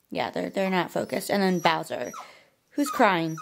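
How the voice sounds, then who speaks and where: A young woman with a drawl chatting casually through a home vlog, rambling with lots of fillers and switching to a high cooing voice for her pets. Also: big pitch swings, moderate pace, vocal fry, slight background noise. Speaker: vlogger.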